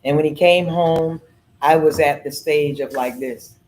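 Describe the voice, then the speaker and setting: A middle-aged woman hosting a podcast, telling stories in an earnest, animated way and repeating phrases. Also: sits low, measured pace, rough recording. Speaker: podcast host. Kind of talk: casual storytelling chat.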